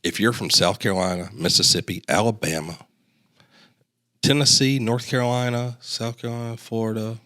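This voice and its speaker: A man's voice: lowish voice, moderate pace, no room sound, studio quality. A man from Georgia, telling stories and teasing bluntly in a casual podcast chat. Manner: animated storyteller, blunt profane teasing.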